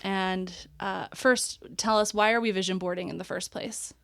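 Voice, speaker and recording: A woman's voice: mid-range voice, fairly even intonation, normal speed, gravelly, fairly bright tone, smooth, no echo. A middle-aged woman hosting a podcast, chatting frankly and swearing freely. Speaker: podcast host. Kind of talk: casual chat.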